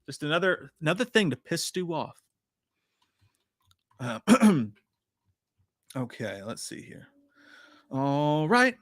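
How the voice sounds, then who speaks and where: Bright-voiced, profane male streamer. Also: fairly high pitch, very animated, slow, long pauses, no echo, studio quality. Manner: rambling, profane, reads out chat comments. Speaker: live-stream host. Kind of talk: casual live trailer breakdown.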